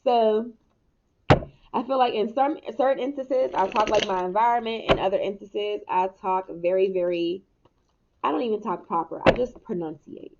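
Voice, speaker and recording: A woman's voice: medium pitch, normal speed. A young adult woman giving a casual spiritual tarot reading, candid and laughing often, with occasional swearing. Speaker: tarot reader. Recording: muffled mic with noticeable hiss.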